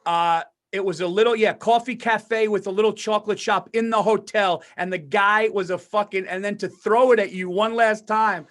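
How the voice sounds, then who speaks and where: A man with a New York accent and a higher-pitched voice, co-hosting a podcast. He tells animated stories and laughs easily, in a loose conversational way. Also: moderate pace, hardly any pauses. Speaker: podcast co-host. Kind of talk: casual chat.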